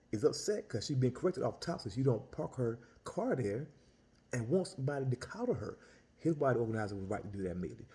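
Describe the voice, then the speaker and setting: A man rants casually and with exasperation, often restarting and repeating himself. His voice has a mellow, warm tone at a middling pitch. He sounds like a street-food vendor venting to his viewers. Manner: animated, exasperated, lots of restarts and repetition. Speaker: Italian ice vendor. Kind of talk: casual storytelling rant.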